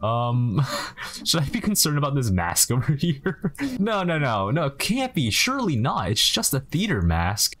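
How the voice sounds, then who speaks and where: Medium in pitch with a fairly bright tone, this young man plays a game while making jokey, laid-back let's-play commentary. As a gaming commentator, he banters with the characters on screen.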